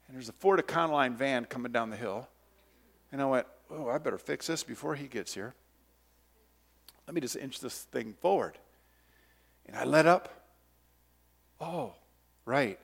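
A man preaching a sermon, telling a childhood story with lively voice and acting out the shouted moments, then leading a prayer. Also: on the high side. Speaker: pastor. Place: church sanctuary.

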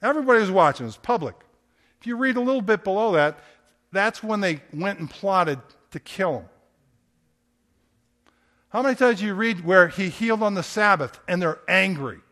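A man's voice: sits high, expressive, normal speed, pauses often, a bit bright. A man, a pastor, preaching a sermon in a conversational storytelling way, asking rhetorical questions.

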